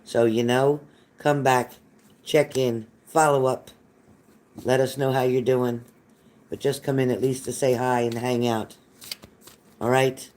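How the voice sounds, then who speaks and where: A man's voice: medium pitch, level tone, unhurried, long pauses, a little mellow, a little hiss or hum. Folksy man doing live psychic readings. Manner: reassuring, folksy, repeats phrases, calls viewers honey. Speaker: psychic reader. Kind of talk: live-stream reading chat.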